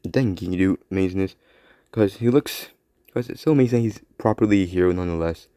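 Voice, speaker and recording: A man hosting a solo podcast, rambling excitedly about action figures. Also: deep voice, quick pace, no echo, clean studio sound. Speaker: podcast host. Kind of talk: casual solo commentary while playing with action figures.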